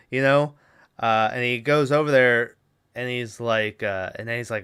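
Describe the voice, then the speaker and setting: A man's voice: medium pitch, a little slow, a bit bright, clean tone. A man hosting a podcast, recapping a film in a rambling, casual way, swearing and acting out lines. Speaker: podcast host.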